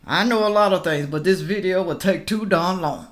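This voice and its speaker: A woman giving a casual reaction commentary, talking straight to her viewers in an animated, ranting way and laughing between remarks. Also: on the low side, normal speed. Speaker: political reaction vlogger.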